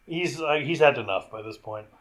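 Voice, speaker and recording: A man's voice: mid-range voice, a little fast. A man co-hosting a podcast, recapping a film in casual chat, swearing freely and acting out scenes. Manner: animated, swears, quotes scenes in put-on voices. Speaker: podcast co-host.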